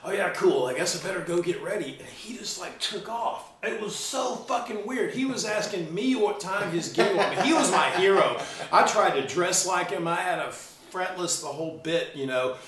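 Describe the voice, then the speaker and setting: A middle-aged man telling stories in a loose, animated way, swearing freely, in a casual chat. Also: sits high, normal speed, few pauses, roomy sound, far from the mic, slight background noise. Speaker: guest musician.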